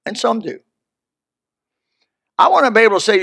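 An older man preaching a folksy sermon, swinging from loud, high exclamations to low, hushed lines. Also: very animated, moderate pace, gravelly. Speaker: pastor.

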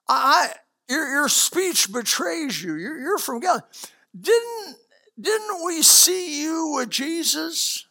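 A man's voice: very high voice, big pitch swings, takes it slowly, sharp tone, voice pushed up, heavily acted. A man voicing a prying young servant girl who accuses a stranger and repeats herself. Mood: accusing.

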